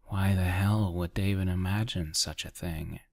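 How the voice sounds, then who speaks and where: A man narrating a dark short story as a soft, half-whispered ASMR reading close to the mic. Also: low-pitched, steady tone, vocal fry, no echo. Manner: quiet, half-whispered, measured.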